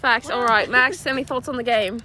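A young woman giving fast, giggly play-by-play of a casual pickleball game outdoors. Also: a little high, sharp tone. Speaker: amateur game announcer. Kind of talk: playful play-by-play commentary.

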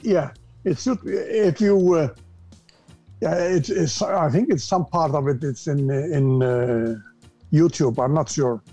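Older Icelandic guest, non-native English, mellow low-toned voice, stop-start phrasing, faint music bed. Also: male voice. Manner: halting, repeats words while searching for English. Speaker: guest actor. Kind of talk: casual interview chat.

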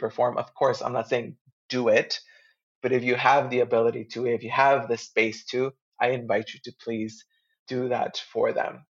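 A man in a relaxed podcast conversation, speaking as a guest astrologer. He sounds earnest and heartfelt, with a middle-pitched voice and casual slang. The audio is muffled and lo-fi.

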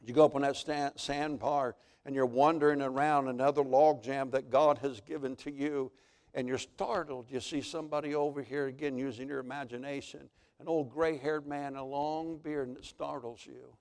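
A man's voice: medium pitch, fairly even intonation, normal speed, a little mellow. A male pastor, preaching a sermon as dramatic storytelling.

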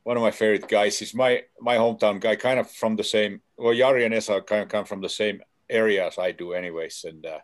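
A man with a low, easy voice swapping stories in casual conversation. He stops and restarts often, with plenty of fillers as he talks. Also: steady tone. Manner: halting, many fillers and restarts. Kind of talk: casual chat.

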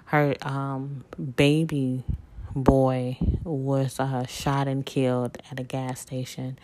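A woman's voice: very deep voice, little pitch movement, takes it slowly. A woman hosting a spiritual podcast, talking about her life in a heartfelt, rambling way with lots of fillers and restarts. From southern United States. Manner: heartfelt, rambling, frequent fillers and self-corrections. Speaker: podcast host. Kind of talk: casual personal monologue.

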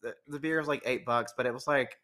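A woman's voice: extremely low pitch, fast, a bit bright. A woman co-hosting a podcast, adding short remarks and replies in casual chat. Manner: brief backchannel replies, adds short remarks. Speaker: podcast co-host.

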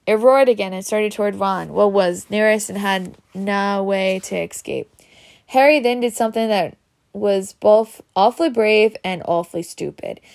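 A woman reading a children's story aloud in a steady way. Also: mid-range voice, moderate pace, creaky. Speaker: reader.

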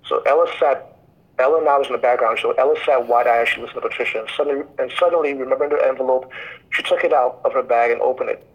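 Man, author, husky voice, rambling retelling, average pitch. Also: quick pace, rough recording. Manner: rambling, with many restarts. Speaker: guest author. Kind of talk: casual retelling of a story.

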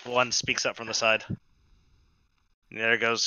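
A man's voice: mid-range voice, completely flat delivery, moderate pace, bright, forceful tone, smooth, poor audio. A man running a tabletop game as game master, narrating loosely with frequent restarts.

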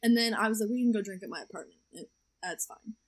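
A woman's voice: medium pitch, fast. A young woman telling a dating story in a casual podcast chat, chatty and laughing often. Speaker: podcast co-host.

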